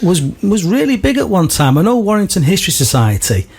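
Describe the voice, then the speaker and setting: Husky bloke hosting local radio, voice jumps all over, keeps chipping in with questions. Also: male voice, high-pitched, a little fast. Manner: lively, interjecting questions. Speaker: radio presenter. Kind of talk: casual radio chat.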